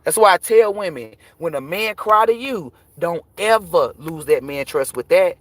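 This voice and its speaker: A woman's voice: lowish voice, lively intonation, normal speed, no echo. A woman tarot reader giving blunt, profane, preachy advice in a live-stream rant to her viewers.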